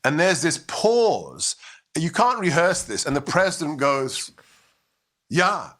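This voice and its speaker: A man's voice: a little high, very animated, a little slow. A middle-aged man who immigrated to the United States, giving emphatic political commentary as a guest, telling stories and driving his points home. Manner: forceful, rhetorical, with storytelling and impressions.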